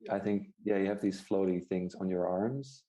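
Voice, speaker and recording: A man with a Dutch accent who talks slowly in a casual chat and searches for his words. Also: sits low, little pitch movement, dark tone.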